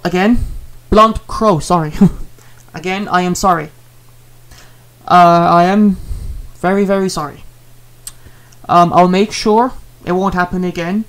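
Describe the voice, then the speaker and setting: Rambling earnest man. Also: high-pitched. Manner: rambling, repetitive, earnest with fillers. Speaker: streamer apologizing to a viewer. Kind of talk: casual apology vlog.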